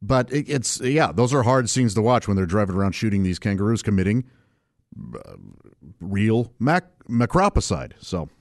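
A man's voice: fairly low pitch, expressive, normal speed, dry recording, studio quality. A man hosting his own podcast, talking casually and rambling, often restarting sentences and chuckling to himself. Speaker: podcast host. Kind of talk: casual solo podcast talk.

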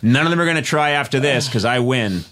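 A man hosting a comic podcast, chatting with his co-hosts in mock-boastful, deadpan self-praise. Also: medium pitch, fast. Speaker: podcast host.

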